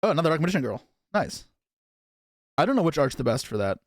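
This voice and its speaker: A young man chats casually on a live stream while opening trading card packs, reacting to his chat and tossing in quick asides. His voice is a little high with big pitch swings, and the studio recording is clean and dry.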